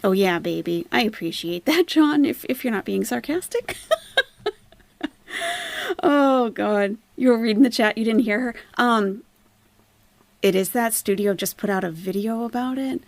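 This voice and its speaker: A woman's voice: on the high side, moderate pace, gravelly, darkish tone, no room sound. A woman hosting a commentary channel, reading viewer comments aloud and answering them with sarcastic, casual remarks.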